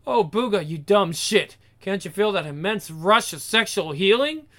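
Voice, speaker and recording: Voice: mid-range voice, expressive, moderate pace, fairly bright tone. A reader voicing a rowdy, foul-mouthed young woman, brash and exclaiming. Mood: scornful.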